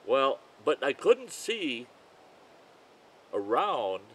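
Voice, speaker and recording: A man's voice: mid-range voice, sing-song, extremely slow, breathy edge, low-quality recording. Older man spinning a folksy yarn. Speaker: storyteller. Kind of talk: campfire storytelling.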